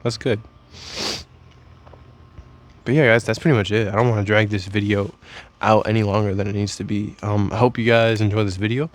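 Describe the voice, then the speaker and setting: A young man talks straight to the camera in a crude, joking vlog. His voice sits a little low, and he rambles through fillers and tangents. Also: steady tone, brisk, long pauses. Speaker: vlogger. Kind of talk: casual comedic vlog.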